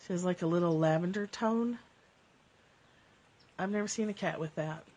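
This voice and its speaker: A woman's voice: fairly low pitch, normal speed, a little mellow. A woman hosting a casual livestream from home, reading spiritual passages and chatting, laughing often as her cats interrupt. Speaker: live-stream host. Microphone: phone or webcam livestream.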